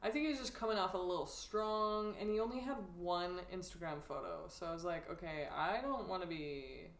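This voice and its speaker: A woman's voice: on the low side, fairly quick. Laid-back woman co-host in a roomy space. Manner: laid-back, joking, laughs often. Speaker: podcast co-host. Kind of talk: casual chat. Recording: roomy echo.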